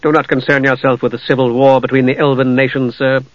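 A man voicing a haughty young dark knight who speaks coldly and formally, in a dull, dry recording. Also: mid-range voice, little pitch movement, quick pace, no room sound, lightly acted. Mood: mocking. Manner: cold, mocking, formal.

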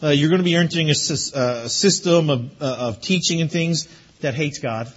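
A man's voice: a little high, normal speed, lo-fi sound. A man preaching as pastor to graduates, telling a story with chuckles and then urging them earnestly. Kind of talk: sermon to graduates.

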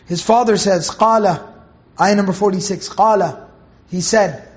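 A man's voice: high-pitched, unhurried, lo-fi sound. A man teaching the meaning of Quranic verses, earnest and emphatic, repeating phrases for stress.

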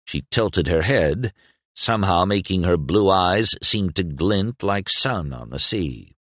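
A man with a very deep voice narrates a fantasy audiobook in a measured, expressive way. His pitch moves in lively sweeps, and the recording is dry and close. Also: no room sound. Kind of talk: scripted narration.

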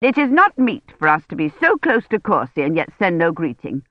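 A woman's voice: on the low side, big pitch swings, normal speed, no echo. A woman voicing a stern, proud older noblewoman in a storybook reading, with an imperious, defiant manner. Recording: dull dry lo-fi recording.

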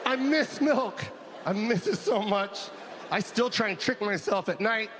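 A man doing a stand-up comedy set, loud and animated, laughing at his own jokes. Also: high voice, measured pace, background noise. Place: live comedy venue with audience.

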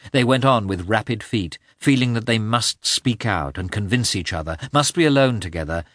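Male audiobook narrator, low lively voice, measured classic-novel reading. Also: no room sound, studio quality.

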